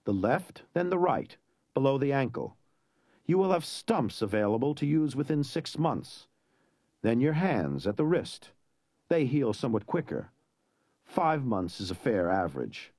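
A man doing a soft-spoken, menacing young hero. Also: medium pitch, sing-song, dry recording, studio quality. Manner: soft, measured threats, slow and deliberate. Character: weak but menacing young hero, cold and mocking.

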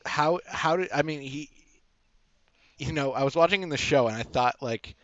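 A man's voice: fairly high pitch, a bit bright, dry recording. Laid back guy asking questions on a podcast, lots of ums and restarts, dry muffled sound. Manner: easygoing, halting, laughs along. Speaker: podcast co-host. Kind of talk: casual movie review chat.

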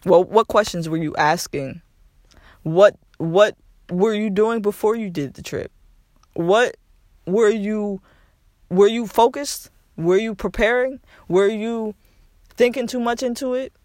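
A man's voice: high-pitched, slow pace, no room sound, studio quality. A young man hosting a podcast, giving a casual motivational talk and repeating phrases for emphasis with casual swearing. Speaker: podcast host.

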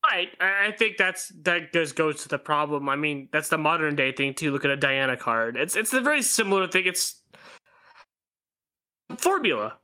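High, very bright-voiced male co-host. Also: lively intonation, a little fast, hardly any pauses, clear, resonant tone. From New York. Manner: contrarian, dry and matter-of-fact. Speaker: podcast co-host. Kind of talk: casual chat.

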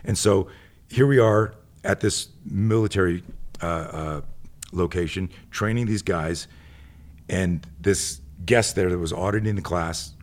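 A man with a very low voice talks casually as a tactical instructor. He rambles, drifts off on tangents and acts out the people in his stories. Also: measured pace. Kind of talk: casual storytelling.

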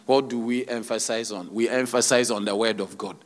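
A male pastor delivers a sermon in a church, his voice sitting at an ordinary middle pitch. He drives his points home with repeated hallelujahs and questions thrown back at the congregation. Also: fairly even intonation, a little fast. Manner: preaching with frequent hallelujahs and rhetorical questions.

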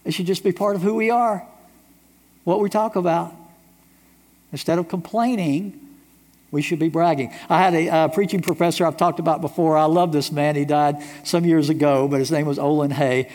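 A man's voice: on the high side, steady tone, moderate pace, darkish tone. A middle-aged man from the United States preaching a sermon as pastor, emphatic, with repeated rhetorical questions. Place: church sanctuary. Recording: long reverb of a large church hall.

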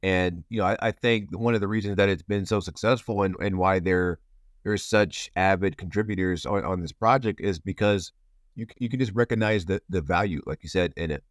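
A man with a low voice hosts a casual podcast interview, talking a little fast. He rambles playfully and restarts often, recorded in studio quality with no room sound.

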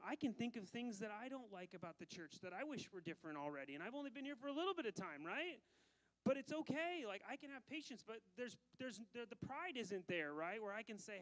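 A man preaching as pastor keeps a high voice and a fairly quick pace, his animated delivery moving between loud emphasis and quiet asides with frequent laughs in between. It's a low-quality recording.

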